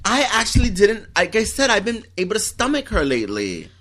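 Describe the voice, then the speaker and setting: A man's voice: high voice, wildly swooping pitch, fairly quick, fairly bright tone. A man co-hosting a casual chat, gossipy and dramatic, with fond "honey" asides. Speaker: podcast co-host.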